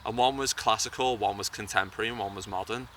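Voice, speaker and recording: A man's voice: fairly low pitch, fairly even intonation, fast talker, a bit bright, a little hiss or hum. A young man talking casually as an interview guest, hesitant and often repeating words as he thinks, outdoors by a bridge. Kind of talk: casual chat.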